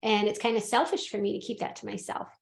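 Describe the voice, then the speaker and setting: A woman hosting a podcast, telling a personal story in casual chat, animated and laughing often as she acts out what people said. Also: mid-range voice, fast, vocal fry, echoey room. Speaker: podcast host and medium.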